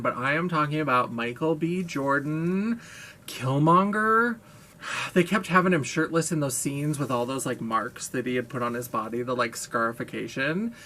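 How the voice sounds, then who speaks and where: A man's voice: on the high side, sharp tone. A man vlogging in a casual monologue, gushing, playful and self-mocking, with a brash, blaring voice.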